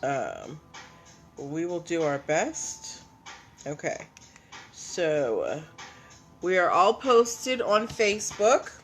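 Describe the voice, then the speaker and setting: A woman's voice: lowish voice, very animated, very slow, pauses often, faint music behind. A woman hosting a casual livestream, chatting with viewers and greeting them by name. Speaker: livestream host.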